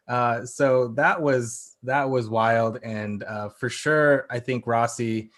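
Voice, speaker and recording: A man's voice: medium pitch, a little slow, hardly any pauses, fairly bright tone. A man talking as a podcast guest in a casual, opinionated chat, restarting his sentences and hedging often. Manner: opinionated, frequent restarts and hedges.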